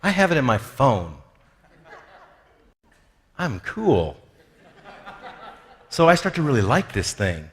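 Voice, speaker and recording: A man's voice: medium pitch, very animated, slow, long pauses. Man teaching with humor in a reverberant hall. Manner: conversational, acts out quoted voices, self-deprecating jokes. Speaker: speaker on spiritual formation. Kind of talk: lively teaching talk with humor. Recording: long reverb of a large hall.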